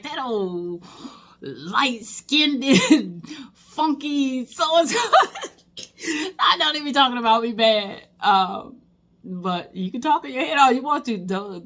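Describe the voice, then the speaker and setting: A woman's voice: high voice, pushed and bright. A woman in her fifties, a veteran teacher, talks through her passing thoughts in a loose, reflective monologue. Her delivery is chatty and folksy, full of small restarts. She keeps slipping into easy laughter at her own stories. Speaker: teacher and vlogger.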